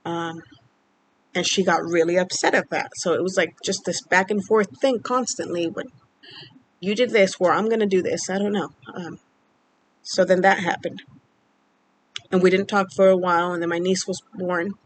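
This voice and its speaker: A woman vlogger casually telling a personal story, rambling and halting with many fillers, sounding upset and emotional. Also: lowish voice, slight background noise, low-quality recording. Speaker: vlogger keeping a mood journal.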